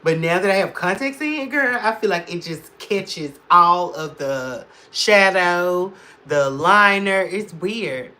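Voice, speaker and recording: A woman's voice: lowish voice, animated, takes it slowly, bright, forceful tone. A woman hosting a casual makeup livestream, chatting with viewers, answering their comments and laughing often.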